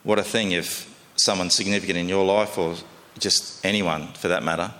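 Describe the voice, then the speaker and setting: A man's voice: low voice, steady tone, normal speed, a bit bright, in a large hall. A man preaching a sermon in a conversational, folksy way, often asking his listeners questions.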